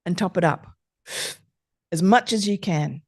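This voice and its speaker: Slow, soothing woman guiding breathing. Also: lowish voice, breathy edge, no echo, studio quality. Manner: slow, soothing, gentle instructions. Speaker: podcast host guiding breathing exercises. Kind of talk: calm guided breathing exercise.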